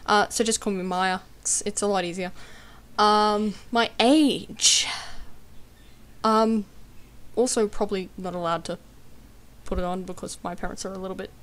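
A woman's voice: medium pitch, steady tone, normal speed, long pauses, fairly bright tone. A teenage girl from Australia with an Australian accent, chatting casually and hesitantly with lots of ums and giggles. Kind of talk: casual vlog.

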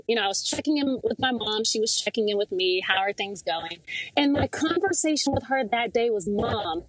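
A woman from the American South, a podcast interview guest, telling a personal story with lively acted-out dialogue. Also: a little high, slight background noise, low-quality recording. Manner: animated storyteller, acts out quoted dialogue.

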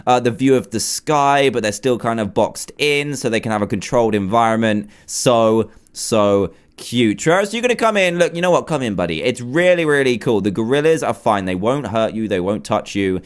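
A man hosting a game video, commenting excitedly with frequent gushing exclamations. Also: medium pitch, normal speed, hardly any pauses, smooth. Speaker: gaming video host. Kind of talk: let's play commentary.

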